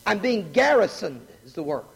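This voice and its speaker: A middle-aged man preaching a sermon, animated and joking, asking the congregation questions. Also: high-pitched, normal speed, creaky, husky. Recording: long hall reverb.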